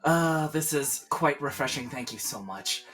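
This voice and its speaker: A man's voice: fairly high pitch, expressive, measured pace, fairly bright tone, soft background music, voice pushed down. A man voicing a battle-hardened warrior who turns stiffly polite and sheepish toward his mother.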